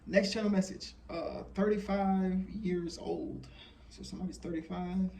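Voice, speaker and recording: A man's voice: high voice, steady tone, measured pace, creaky, dark tone, distant mic. A man in his thirties giving a casual, rambling monologue full of fillers and blunt profanity. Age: 30s. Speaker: channeler sharing messages.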